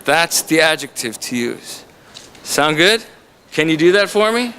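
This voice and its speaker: Pitched fairly high and swinging widely, this Canadian instructor's bright, forceful voice moves a little slowly. He's warming up a lecture-room audience with a joking, conversational introduction for a visiting author.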